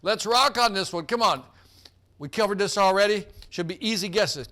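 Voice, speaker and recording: A man's voice: high-pitched, animated, normal speed, bright, forceful tone. A man hosting a live sales team quiz, hyped and joking, calling out players by name.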